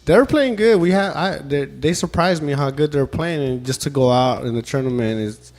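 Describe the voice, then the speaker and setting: Animated man chatting about soccer. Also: a little high, a little fast. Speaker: podcast co-host, soccer pundit. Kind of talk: casual chat.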